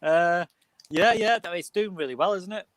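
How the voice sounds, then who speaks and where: A man's voice: high-pitched, normal speed, a bit bright, no echo. A young man with a Liverpool accent hosting a casual film discussion, full of jokey, teasing banter. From England. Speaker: host.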